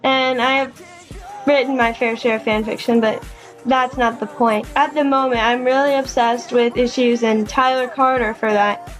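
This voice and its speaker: Young woman vlogger reading fanfic out loud, highish voice, lots of ums and restarts, faint music behind. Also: fairly even intonation, moderate pace. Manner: hesitant, many fillers and restarts. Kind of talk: casual reading of fan fiction.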